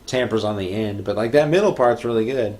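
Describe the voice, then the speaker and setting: A man's voice: fairly low pitch, fairly quick, a little mellow. Easygoing man chatting about movies. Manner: easygoing, hesitant with fillers. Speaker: podcast co-host. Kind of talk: casual movie review chat.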